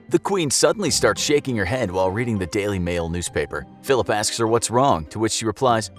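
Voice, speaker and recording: A male narrator with a low voice that swings up and down with lively expression. He reads a scripted piece in a wry, jokey way. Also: fairly quick, few pauses, faint music behind.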